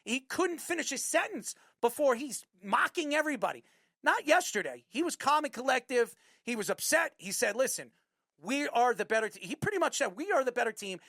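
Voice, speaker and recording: Gravelly-voiced man in a fired-up sports rant. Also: very high-pitched, bright, forceful tone, no room sound, clean studio sound. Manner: fired-up, repetitive, emphatic. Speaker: sports talk host. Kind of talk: heated sports commentary rant.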